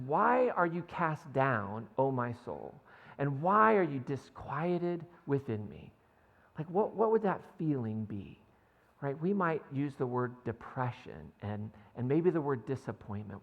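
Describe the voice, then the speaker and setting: A man's voice: mid-range voice, gravelly. A man preaching a conversational sermon in a church, often checking in with "right?" and "like.". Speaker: pastor. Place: church sanctuary. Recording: long hall reverb.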